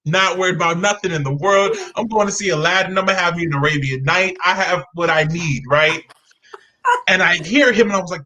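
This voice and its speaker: A young man, a guest on a video call, telling animated stories and acting out the voices of people in them. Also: sits high, slight background noise, poor audio. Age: young adult. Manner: lively, acts out voices in his stories. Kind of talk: animated storytelling.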